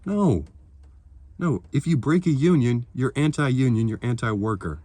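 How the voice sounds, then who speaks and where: A man's voice: medium pitch, lively intonation, a little slow, dark tone. A man delivering a heated, sarcastic political rant to his viewers, swearing freely. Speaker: political vlogger. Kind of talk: ranting monologue to camera.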